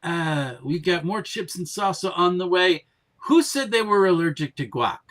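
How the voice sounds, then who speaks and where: A man's voice: sits high, lively intonation, normal speed, fairly bright tone, pitched above the performer's own voice. A man voicing a friendly, eager-to-please male taco shop server in a plain, chatty voice, with no accent put on.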